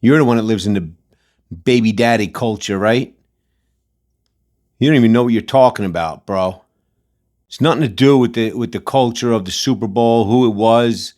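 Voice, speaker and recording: A man's voice: mid-range voice, normal speed, long pauses, a little mellow. A man hosting a commentary channel, ranting in a blunt, combative, slangy way and repeating his points. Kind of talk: casual commentary rant.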